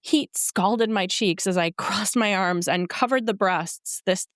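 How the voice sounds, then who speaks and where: A woman's voice: medium pitch, no echo, studio quality. Blunt, playful woman podcast co-host. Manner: blunt, playful, quick to dismiss. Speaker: podcast co-host reviewing romance novels. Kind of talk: casual chat.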